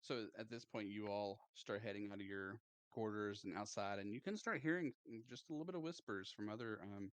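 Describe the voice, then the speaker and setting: A man narrating as game master in casual, halting speech with lots of fillers. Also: on the low side, dry recording.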